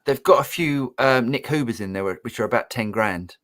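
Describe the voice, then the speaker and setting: A man's voice: mid-range voice, brisk, a bit bright. A man co-hosting a live music Q&A stream, upbeat and reading out viewer comments and questions. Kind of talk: casual live-stream chat.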